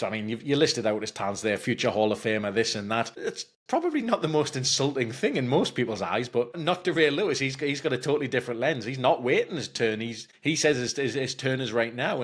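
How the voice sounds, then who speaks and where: A man's voice: medium pitch, husky. A man co-hosting a podcast, commenting in a casual, thoughtful way and restarting phrases as he thinks aloud. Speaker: podcast co-host.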